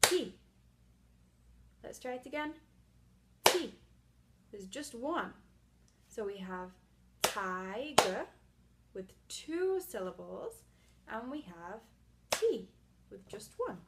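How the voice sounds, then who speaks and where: Slow, patient woman teaching little children. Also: a little high, very animated, vocal fry, heavy background noise. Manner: patient, explaining slowly to small children, many "okay?" check-ins; claps and calls out syllables, some words half-whispered. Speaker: reading teacher. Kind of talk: early literacy read-aloud lesson.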